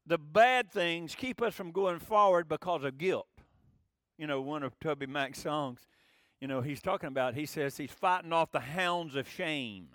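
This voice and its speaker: A man's voice: a little high, fairly bright tone, no room sound, studio quality. A man preaching a sermon in a conversational way, his voice rising for emphasis. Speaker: pastor.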